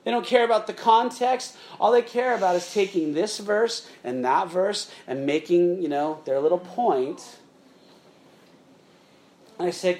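A man's voice: fairly high pitch, measured pace, long pauses, darkish tone, a little hiss or hum. A middle-aged man preaching a sermon in a conversational way, often checking in with "okay?" and addressing listeners as "guys.". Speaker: pastor.

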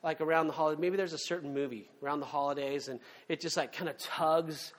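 Conversational preacher, man, higher voice. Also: fairly even intonation, fast. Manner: conversational, emphatic, frequent fillers and asides. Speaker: pastor. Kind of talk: sermon.

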